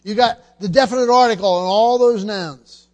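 A man's voice: sits high, normal speed. A man preaching a sermon, emphatic and teaching, often repeating words and asking the congregation questions.

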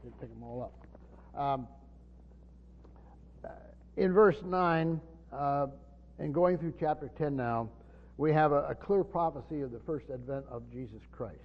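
A man preaching an unscripted Bible teaching in a church hall, halting and repeating words with many fillers. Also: fairly high pitch. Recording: long reverb, dull lo-fi sound.

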